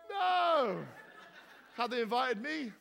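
A man's voice: very high voice, animated, slow, gravelly, fairly bright tone. A male vicar, joking and teasing as he quizzes his congregation. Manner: jokey, teasing, bouncy questions to the crowd. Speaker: vicar leading a church gathering. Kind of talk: playful banter with the congregation. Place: church hall. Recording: echoey hall reverb.

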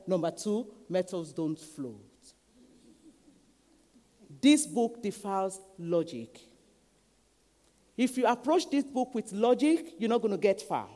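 Animated woman preaching in a reverberant hall. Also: mid-range voice. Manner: animated, repeats words, acts out quotes, drops to whispers. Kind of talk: sermon. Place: church hall.

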